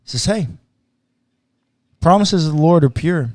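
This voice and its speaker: A man's voice: a little high, lively intonation, measured pace, a little mellow, dry recording. A man who is a pastor, talking through scripture on a podcast in a casual, earnest way, now and then voicing what God might say. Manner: casual and earnest, slips into acted quotes of God. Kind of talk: podcast conversation, teaching on scripture.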